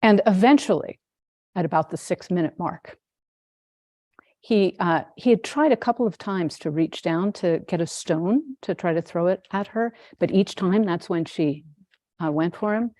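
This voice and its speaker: A woman, a Zen teacher, giving a dharma talk in an unhurried, gently amused storytelling manner. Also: on the low side, no echo.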